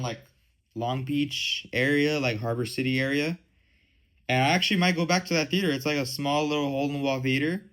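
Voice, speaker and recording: A man's voice: fairly high pitch, a bit bright, low-quality recording. A man in his twenties hosting a casual solo podcast, rambling with lots of "like" and "um". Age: 20s. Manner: rambling, heavy use of "like" and "um". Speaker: podcast host.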